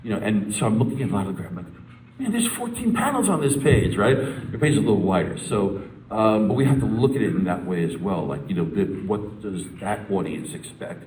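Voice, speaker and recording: A man with a low, deep voice tells a story at a convention panel, bouncing between chatty asides and quick impressions of the people he talks to. The sound is roomy and a little distant, picked up across a big hall with faint murmur behind. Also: a little hiss or hum. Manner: animated storyteller, acts out quoted people. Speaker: comics creator answering a fan question at a panel. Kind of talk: casual panel talk.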